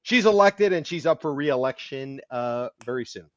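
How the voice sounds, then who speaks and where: A man's voice: medium pitch, animated, normal speed, no room sound, lo-fi sound. A man hosting a local real estate podcast, opening with an upbeat intro and chatting casually with his co-host.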